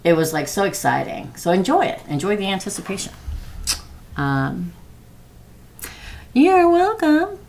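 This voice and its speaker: A woman's voice: fairly low pitch, normal speed, creaky, a little hiss or hum. A middle-aged woman doing a chatty live-stream tarot reading, laughing often and talking to viewers by name. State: prone to losing her voice. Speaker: tarot reader.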